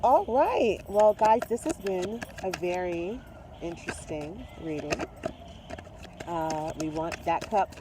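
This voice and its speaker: Effusive tarot reader, warm mellow tone. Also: mid-range voice, expressive, slow pace, slight background noise. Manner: chatty and effusive, talks to viewers directly; mixes spiritual talk with swearing and slang. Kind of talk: casual tarot reading to camera.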